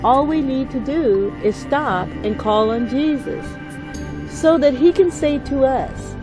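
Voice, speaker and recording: A woman hosting her own vlog, giving a gentle, earnest inspirational Christian talk. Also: high voice, slow, over music, low-quality recording. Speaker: vlog host.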